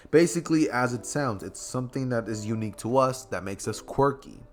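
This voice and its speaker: A man telling a fan story to his viewers in a loose, chatty way, full of fillers and asides. His voice sits at a middle pitch, relaxed and conversational. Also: fast, few pauses. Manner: rambling, filler-heavy, chatty. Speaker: YouTube storyteller. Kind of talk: casual fan-story narration.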